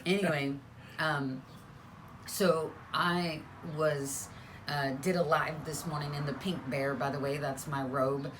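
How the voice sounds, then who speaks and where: Middle-aged woman co-host, low-pitched and hushed, chatty and playful in a home studio. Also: steady tone, slow, slight background noise. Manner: chatty and playful, rambling with fillers; speaking softly, hushed. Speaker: pastor and co-host. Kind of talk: casual live-stream chat. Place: spare room turned home studio.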